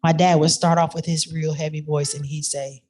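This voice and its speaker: A woman's voice: sits low, flat delivery, normal speed. A woman giving a reflective, personal talk about storytelling and music to an audience.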